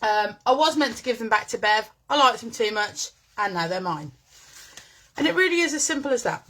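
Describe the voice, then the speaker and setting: Talking into her phone from home, where her dogs are with her, a bubbly woman runs a live-stream craft demo and calls out viewers by name. Her sharp voice is a little high, expressive and brisk.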